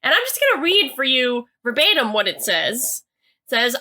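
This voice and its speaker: A woman's voice: a little high, sing-song, moderate pace, bright, forceful tone. A young woman co-hosting a podcast, casually recapping a TV episode with lots of "like" and hedging. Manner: chatty, hedging with "like", reads quotes aloud. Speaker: podcast co-host.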